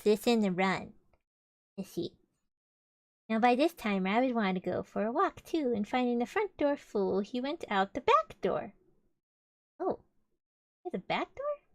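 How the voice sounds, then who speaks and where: A woman's voice: fairly high pitch, no room sound, clean studio sound. A young woman streamer reading a children's book aloud, breaking off for playful, musing asides. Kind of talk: casual storybook reading with chatty asides. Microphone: streaming microphone.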